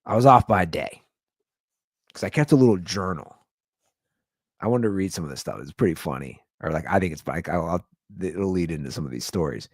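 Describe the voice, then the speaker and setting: A man in his thirties hosting his own podcast, telling stories in a casual comedic rant and jumping into high-pitched quoted voices. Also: lively intonation, brisk, breathy edge, no echo, studio quality. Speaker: podcast host.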